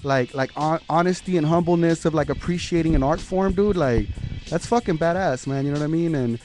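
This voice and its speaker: A man speaking as an interview guest, swearing often and halting over repeated words. His voice sits a little high for a man. Faint music plays underneath. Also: a little mellow. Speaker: graffiti artist guest. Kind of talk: casual interview talk.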